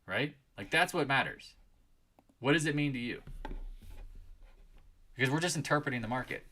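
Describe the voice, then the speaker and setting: Man ranting loudly about trading. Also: medium pitch, lively intonation, moderate pace. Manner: ranting, scolding, raising his voice. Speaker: trading channel host. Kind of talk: live market chat rant.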